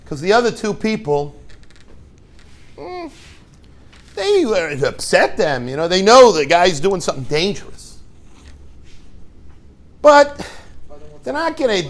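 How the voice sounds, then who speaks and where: Animated rabbi telling a story. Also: male voice, sits high, measured pace, long pauses. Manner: lively storytelling, acts out scenes, jokey asides. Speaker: rabbi and yeshiva head.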